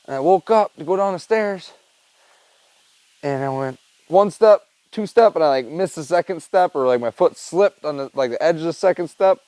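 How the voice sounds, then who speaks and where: A man's voice: on the high side, animated, normal speed, dark tone, clear, resonant tone, dry recording, poor audio. A man chatting loosely to his camera at home, rambling, swearing and laughing as he tells a story. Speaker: vlogger. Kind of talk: casual rambling chat to camera.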